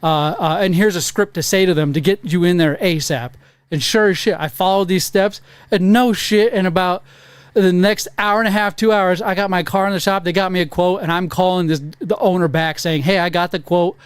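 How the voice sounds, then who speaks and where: A man on a casual podcast, telling a profane story with animated acted-out quotes. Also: sits high, a little fast, smooth, no room sound. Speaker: podcast co-host. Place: podcast studio.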